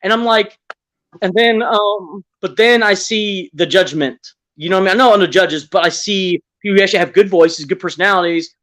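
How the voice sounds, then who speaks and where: A man's voice: sits high, brisk, a bit bright. A man on an online audio panel who beatboxes and then tells rambling, earnest stories. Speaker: panel guest. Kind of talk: beatboxing and casual chat.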